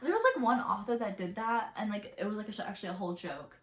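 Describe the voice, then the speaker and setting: A young woman, co-hosting a casual chat, bubbly and quick to laugh, filling her talk with fillers. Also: medium pitch. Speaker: podcast co-host. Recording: echoey room.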